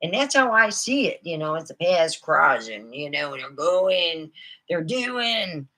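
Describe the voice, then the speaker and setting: Chatty woman with a bright voice. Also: sits low, sing-song, measured pace. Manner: chatty, meandering, many fillers. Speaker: comedian. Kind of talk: rambling stand-up storytelling.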